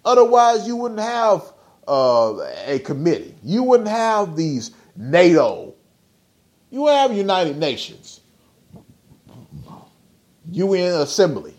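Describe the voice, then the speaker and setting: Male podcast host with a high, animated voice who rants bluntly and profanely, firing off rhetorical questions. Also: takes it slowly, pauses often. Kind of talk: casual podcast rant.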